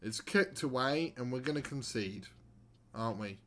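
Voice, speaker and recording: A man's voice: medium pitch, expressive, normal speed, background noise. A young man streaming a football manager game, commentating live with sarcastic, exasperated rants.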